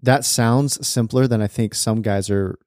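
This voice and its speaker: A man's voice: mid-range voice, fairly even intonation, a little slow, a little mellow, no echo, studio quality. A man hosting a podcast for fathers, asking questions in a loose, conversational way with frequent fillers. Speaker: podcast host. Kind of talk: podcast interview.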